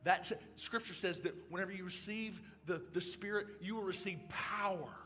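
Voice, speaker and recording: A middle-aged male pastor delivering a sermon, moving from calm storytelling to loud, excited preaching. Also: sits high, moderate pace.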